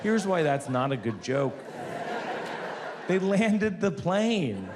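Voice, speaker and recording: A man in his forties doing conversational stand-up storytelling on a theater stage, wry and building to loud punchlines. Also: a little high, very animated, slow pace. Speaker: stand-up comedian. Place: theater stage before an audience. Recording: long hall reverb, audience noise.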